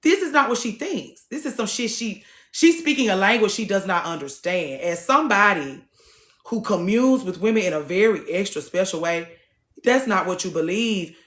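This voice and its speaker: A woman's voice: medium pitch, expressive, normal speed, fairly bright tone, roomy sound. A woman hosting a TikTok live, talking casually to her viewers in a blunt, preachy way and swearing freely.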